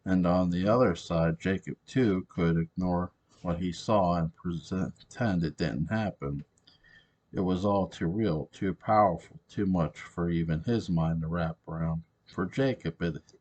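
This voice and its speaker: A man narrating a story, reading in a slow, deliberate way. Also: low voice, darkish tone, highs cut off.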